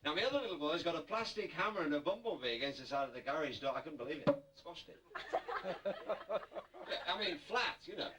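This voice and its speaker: A man's voice: a little high, animated, quick pace, few pauses. A man doing stand-up comedy at a party, joking with and teasing the audience. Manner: jokey, chatty, teasing the audience. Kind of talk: stand-up comedy with crowd work. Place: hotel party room with audience. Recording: distant mic, loud background noise.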